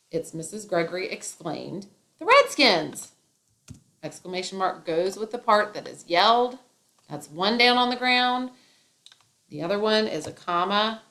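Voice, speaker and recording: A woman's voice: on the low side, fairly bright tone. A woman teacher explaining a grammar lesson step by step, with playful asides.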